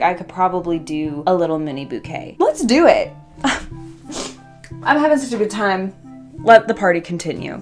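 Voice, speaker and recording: Young adult woman vlogger, low-set voice, loose and chatty, swears offhand, soft music underneath. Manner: chatty, playful, swears casually, talks to herself. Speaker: craft vlogger. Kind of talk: casual chat while arranging flowers. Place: home workstation.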